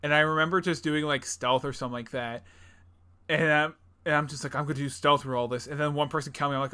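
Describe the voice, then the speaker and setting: A young man co-hosting a casual gaming podcast, rambling with lots of fillers, laughing often and acting out game characters in quick bursts. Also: a little high, fairly even intonation, bright, forceful tone, clear, resonant tone. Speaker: podcast co-host. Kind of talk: casual chat.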